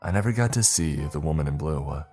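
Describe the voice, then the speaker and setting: Narrator: man, extremely low voice, measured first-person horror reading, faint music beneath. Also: lively intonation, mellow.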